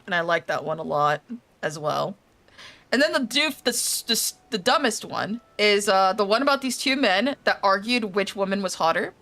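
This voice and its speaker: A woman's voice: medium pitch, pushed and bright. Chatty young woman streamer, swearing freely. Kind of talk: casual game stream chat.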